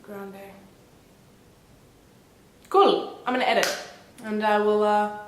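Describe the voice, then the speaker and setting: A woman in her twenties chatting casually to her camera at home, telling a story with lively, bubbly energy. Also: slow. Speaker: vlogger. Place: indoors at home, a small room. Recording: echoey room with faint rumble.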